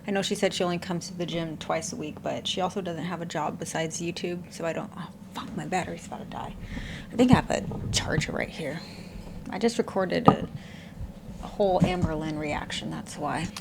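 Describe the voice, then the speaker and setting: Blunt woman, low voice, background hiss. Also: brisk, creaky. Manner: blunt, candid, swears offhand. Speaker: reaction channel host. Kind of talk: casual reaction commentary.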